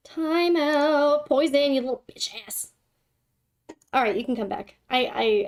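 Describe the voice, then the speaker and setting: A woman's voice: high voice, moderate pace. A young woman hosting a livestream, chatting with her viewers in a giggly, dramatic, playfully scolding way. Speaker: livestream host. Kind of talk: casual livestream chat with viewers.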